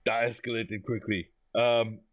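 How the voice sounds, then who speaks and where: A man giving a casual first-look commentary on a game, chatty and amused, thinking out loud. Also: on the low side, steady tone, measured pace, over music. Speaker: gaming YouTuber.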